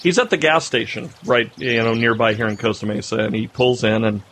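Lively storytelling man, casual podcast chat. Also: brisk, slight background noise. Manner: animated storyteller, rising pitch when excited. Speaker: podcast co-host.

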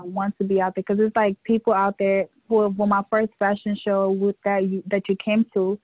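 A woman's voice: mid-range voice, moderate pace, few pauses, dry recording. Laughing woman on a tinny phone line. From New York. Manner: laughs often, animated storytelling. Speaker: interview guest, fashion show organizer. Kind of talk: casual conversation.

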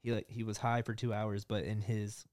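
Chill guy hosting a podcast, low voice, dry close sound. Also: little pitch movement, moderate pace, a little mellow, no echo. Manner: easygoing, short agreeing replies. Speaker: podcast host. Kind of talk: casual interview chat.

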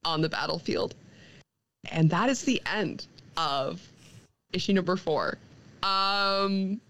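A young woman co-hosting a podcast, recapping a comic in a casual, animated way, quoting the characters and laughing often. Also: lowish voice, slow, poor audio. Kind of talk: casual chat.

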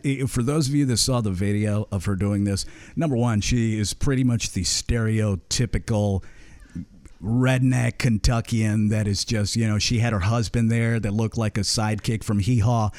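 A man's voice: lowish voice, moderate pace, darkish tone, dry recording. A man co-hosting a podcast, crude and joking in casual banter. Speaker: podcast co-host.

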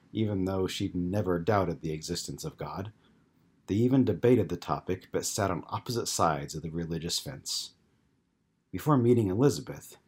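A man narrating an audiobook in a calm, even storytelling manner. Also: sits low, husky. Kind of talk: scripted narration.

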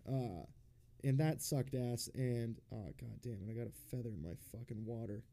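A man's voice: mid-range voice, normal speed, creaky, mellow, a little hiss or hum. A young man hosting a casual podcast, telling a long story loosely, with lots of swearing, fillers and restarts. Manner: rambling, profane storytelling with many fillers. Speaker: podcast host. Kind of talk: casual chat.

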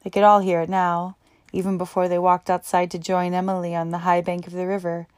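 A woman reading a novel aloud as narrator, in a steady, even way. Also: fairly low pitch, fairly quick, smooth, dry recording, studio quality. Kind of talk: audiobook narration.

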